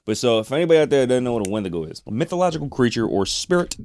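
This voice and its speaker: A man co-hosting a podcast, telling a spooky story in casual chat, rambling with restarts and quick laughs. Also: medium pitch, big pitch swings, a little mellow. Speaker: podcast co-host.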